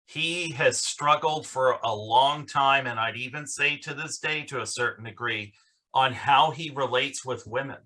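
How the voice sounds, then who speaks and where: A man moderating a virtual conference panel, talking earnestly with many pauses and fillers over a video call. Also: medium pitch, bright, forceful tone. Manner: slow, earnest, halting with fillers.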